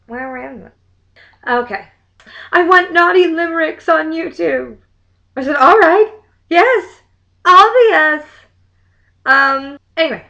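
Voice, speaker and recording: A young woman vlogger with a fairly high, slightly bright voice reads limericks aloud during a casual chat. She delivers them in a theatrical sing-song, then drops to muttered asides in between.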